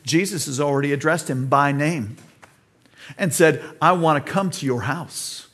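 Preaching earnestly to his congregation, this American-accented pastor occasionally performs the quoted dialogue in his story. His voice runs on the high side, fairly bright, at a moderate pace.

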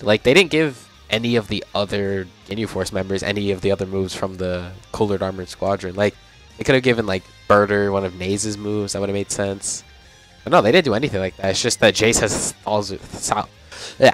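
A young man giving casual, chatty commentary on a video game as he plays, reacting out loud and laughing often. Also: on the low side, brisk. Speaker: gaming channel host. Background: game music.

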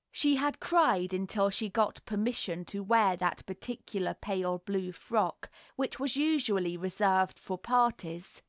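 A woman narrating a classic novel as an audiobook in a measured, unhurried reading. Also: a little high, no echo, studio quality.

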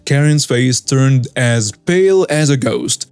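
A man's voice: medium pitch, expressive, slow pace, darkish tone, clear, resonant tone, no echo, soft background music. A man narrating a dramatic story in a scripted read, addressing listeners directly.

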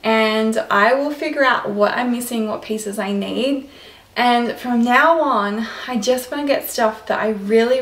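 A young Australian woman vlogging casually at home, chatty and rambling as she thinks aloud. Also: a little high. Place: bedroom at home. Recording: echoey room, faint hiss.

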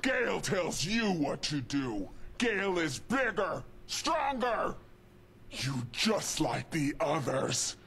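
A man's voice: on the high side, sing-song, slow, creaky, breathy edge, full character voice. An actor playing a huge, angry male super mutant who speaks in broken sentences and refers to himself in the third person. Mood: aggrieved, threatening. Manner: broken speech, referring to self in third person, shouting bursts. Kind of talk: video game dialogue.

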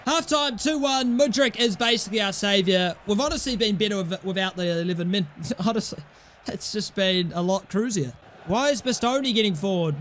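A man with a notably high voice commentates on his own football video game as he plays. He calls the passes in short bursts and breaks into exasperated, sweary rants at his players. A faint hum sits under the voice. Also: a bit bright. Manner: jumps between play-by-play and rants. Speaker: gaming YouTuber. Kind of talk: live gameplay commentary.

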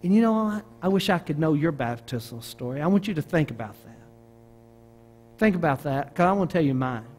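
Southern American pastor telling a story. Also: male voice, fairly high pitch, fairly quick. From Arkansas. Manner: animated storytelling with frequent restarts. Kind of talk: sermon.

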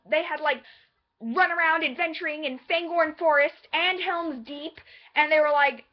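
A woman in a casual vlog, talking in an animated, sassy, enthusiastic way, on a slightly dull lo-fi recording. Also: very high-pitched, normal speed. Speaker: vlogger.

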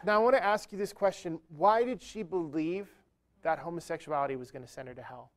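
A man's voice: fairly high pitch, fairly quick. A man speaking at a church event, telling a humorous, self-deprecating story within a sermon-style talk.

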